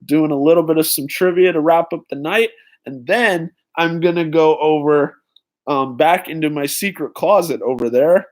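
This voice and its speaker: A young man hosting a live-stream trivia night, excitedly greeting viewers in the chat by name. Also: a little high, moderate pace. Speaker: livestream host.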